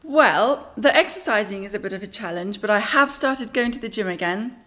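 A woman's voice: mid-range voice, expressive, brisk, fairly bright tone. A young adult woman, from Iran, chatting as a guest on a talk show, laughing easily and joking about herself. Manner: laughs easily, self-deprecating. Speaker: guest actress. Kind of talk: casual interview chat.

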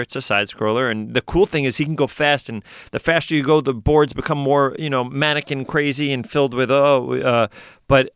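A man, a voice actor telling stories in an animated, fast-talking way during an interview. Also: medium pitch, clean tone, no room sound, studio quality. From New York. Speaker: voice actor guest. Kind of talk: casual interview talk.

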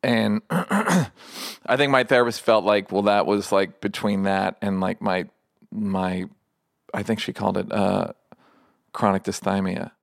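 A middle-aged man, a comedian talking candidly in an interview, rambling and halting with self-deprecating asides. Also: fairly low pitch, creaky, no room sound, studio quality.

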